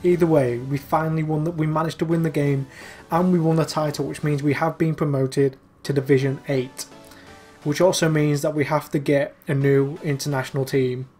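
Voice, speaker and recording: A man's voice: on the high side, steady tone, moderate pace, a little mellow, faint music behind. A young man commentating live over a football video game, exasperated and urging his players on. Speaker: gaming YouTuber.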